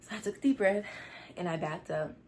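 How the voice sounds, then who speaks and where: A teenage girl vlogger rushes through a storytime in a slightly low voice, rambling and upset as she tries to calm down. Faint noise hums behind her. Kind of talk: storytime vlog.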